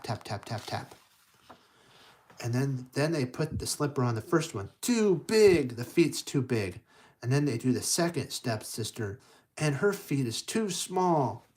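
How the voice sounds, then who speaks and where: A man telling a children's story aloud in a loose, rambling way, often restarting his words. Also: medium pitch.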